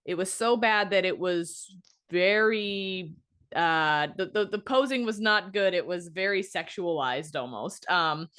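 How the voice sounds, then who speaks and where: A woman hosting a podcast who tells a long story in a casual, rambling way, frank and swearing, lively when she quotes people. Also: lowish voice, unhurried, clean tone. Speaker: podcast host and fitness coach.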